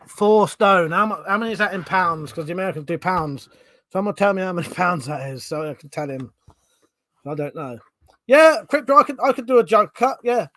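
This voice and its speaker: British man, livestream host, casual banter, swears a lot, slightly high voice, dry close sound. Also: pushed and bright, no room sound. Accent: British English. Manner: swears freely, rambling, banter with chat. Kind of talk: casual drunk livestream chat reading comments.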